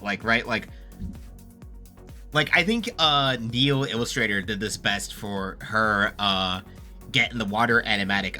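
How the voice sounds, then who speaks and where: Bright-voiced young man rambling casually. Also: medium pitch. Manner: chatty, full of filler words and swearing. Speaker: YouTuber ranking songs.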